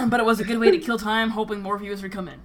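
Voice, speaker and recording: A woman's voice: mid-range voice, background noise. A woman hosting a tabletop game stream as game master, chatting casually, often laughing and repeating words as she rambles.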